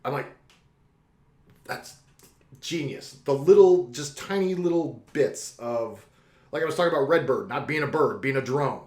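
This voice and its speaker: A man's voice: medium pitch, expressive, moderate pace, long pauses, darkish tone, reverberant. A man co-hosting a podcast, chatting casually and enthusiastically about a movie, rambling and laughing often. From spent late teens on the East Coast. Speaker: podcast co-host.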